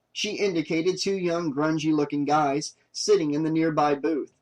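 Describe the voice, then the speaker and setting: A man narrating an audiobook in a steady, even reading voice. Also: a little high, moderate pace, hardly any pauses, poor audio. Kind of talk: scripted narration.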